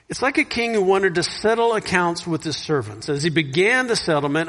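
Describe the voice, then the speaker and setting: Bright-voiced preaching man. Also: fairly high pitch. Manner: earnest preaching, rising loud on scripture, dropping soft on reflection. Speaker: pastor. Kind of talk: sermon.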